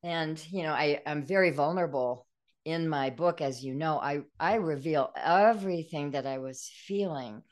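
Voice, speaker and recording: An older woman speaks in a low, earnest voice as a guest on a podcast. She recounts a painful personal story with feeling, taking her time and staying open about her emotions. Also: normal speed. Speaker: guest author. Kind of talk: podcast interview.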